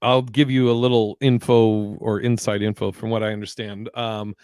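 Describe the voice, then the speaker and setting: A man's voice: on the low side, level tone, normal speed, a little mellow, clear, resonant tone, no room sound, clean studio sound. Profane, rambling man on a podcast. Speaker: podcast co-host. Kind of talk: casual live-stream chat reading comments.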